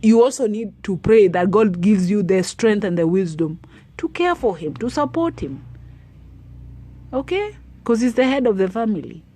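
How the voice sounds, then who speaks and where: A woman giving preachy, animated advice to women and retelling a Bible story. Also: mid-range voice, moderate pace. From Africa. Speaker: advice vlogger. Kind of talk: motivational talk to women.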